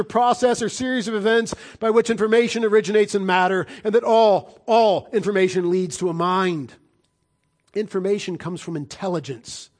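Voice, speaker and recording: A middle-aged man preaching a sermon, emphatic, swinging between loud declarations and hushed, low lines.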